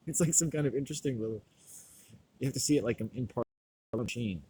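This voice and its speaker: A stoned man delivering a rambling, profane monologue, loud and laughing often. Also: mid-range voice, fairly quick, husky, rough recording. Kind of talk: profane ranting monologue to camera.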